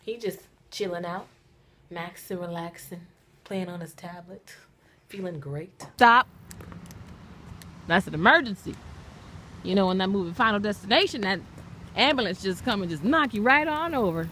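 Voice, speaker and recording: A mother and vlogger chats animatedly in a casual vlog, filmed on a phone camera inside a moving minivan. Her mid-range voice has a fairly bright tone and a moderate pace, with slight background noise.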